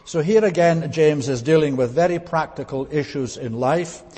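A man with a slightly raised pitch and a husky edge preaches a verse-by-verse sermon. He explains each point in a deliberate, teacherly way and pauses often on small fillers. His voice carries a long reverb from a church hall. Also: mellow. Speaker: pastor. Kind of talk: expository Bible sermon.

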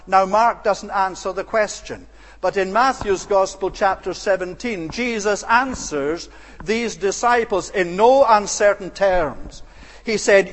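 Male preacher, expository sermon, emphatic, high pitch, church hall reverb. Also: normal speed. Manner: expository Bible teaching with emphatic rises.

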